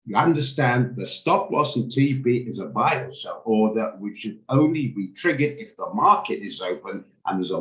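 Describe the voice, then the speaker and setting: A man with a hoarse, gravelly voice teaching a live online trading lesson, explaining things patiently and often repeating or restarting words. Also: lowish voice. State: hoarse, gravelly voice while recovering. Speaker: trading instructor. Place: home room on a video call. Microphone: video call microphone. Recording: echoey room on a video call.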